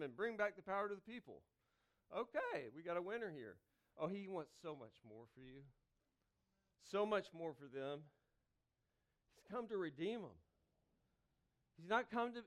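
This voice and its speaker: A man preaching to his congregation, with dynamic delivery that swings from loud calls to hushed pleas and a conversational tone full of asides. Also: high voice, lively intonation, moderate pace, pauses often. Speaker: pastor. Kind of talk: sermon. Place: church sanctuary.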